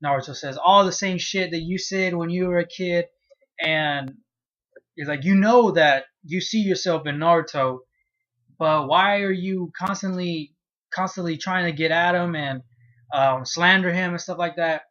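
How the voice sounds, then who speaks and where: Man, casual manga review, profane, animated, slightly high voice, dull lo-fi recording. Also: measured pace. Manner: profane, animated retelling with acted-out reactions.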